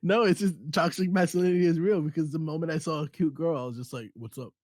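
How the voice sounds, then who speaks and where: A young man on a podcast who tells stories animatedly, slipping into voices for the people he quotes and swearing as he goes. His voice sits a little high for a man. The sound is close and dry, with no room around it. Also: steady tone, quick pace, darkish tone, no room sound. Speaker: podcast co-host. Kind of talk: casual chat.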